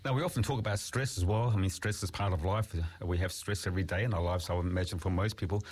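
A man hosting an interview, asking measured leading questions. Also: low-pitched, a little mellow, slightly rough. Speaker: interview host.

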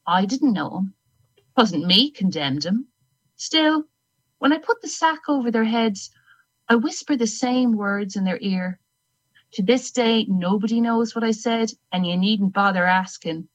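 A grim, secretive hangwoman speaks of her long trade without regret, voiced by a woman reading a story aloud. Her telling is slow and measured with a hard edge, in a voice of middling pitch for a woman. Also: lightly acted, low-quality recording. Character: older woman hangman, grim, unrepentant and secretive. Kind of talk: first-person story reading.

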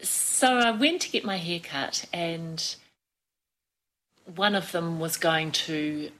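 A woman in a casual chat, agreeable and lively as she tells stories. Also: lowish voice, slow pace, poor audio.

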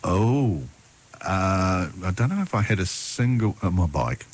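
A man's voice: low-pitched, sing-song, measured pace, breathy edge. A man hosting a radio show, chatting casually in a playful, lightly joking way.

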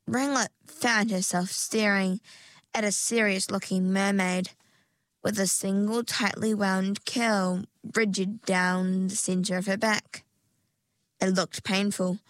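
A woman narrating a children's storybook in a slow, even, clear reading. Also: medium pitch, no echo.

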